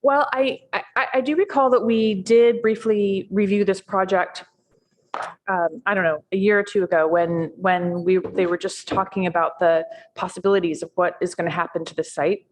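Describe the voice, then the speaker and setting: Woman on a city board, thinking out loud, lots of ums, medium pitch. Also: steady tone, normal speed. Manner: thoughtful, hesitant with frequent ums and restarts. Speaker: board member. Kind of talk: public meeting remarks.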